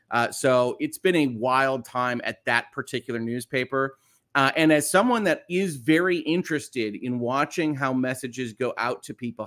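A man's voice: mid-range voice, fairly bright tone. A middle-aged man, hosting a casual morning live stream in an upbeat, chatty way with many fillers. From United States. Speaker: host.

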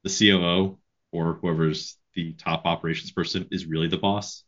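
A man hosting a podcast, chatting in a relaxed way and thinking aloud as he recommends books. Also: low voice, normal speed, muffled recording. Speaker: podcast host. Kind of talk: casual interview chat.

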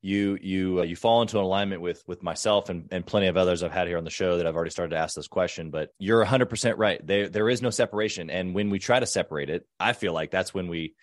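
This podcast host has a low-pitched voice and talks fast with few pauses, recorded in clean studio sound without room tone. Conversational in his interview, he frequently agrees with and affirms his guest.

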